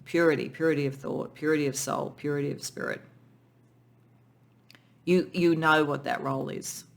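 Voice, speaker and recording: A tarot reader giving a pick-a-pile reading in an emotional, soft, spiritual way, often restarting sentences and at times near tears. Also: medium pitch, fairly even intonation, normal speed, vocal fry. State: tearful.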